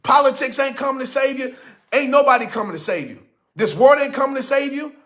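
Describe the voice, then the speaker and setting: A man delivers a motivational speech in a high, forceful voice, leaning into each line like a sermon. He hammers his points home and repeats them for effect, speaking close into a studio microphone. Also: brisk. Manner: emphatic, preachy, repeats lines for effect.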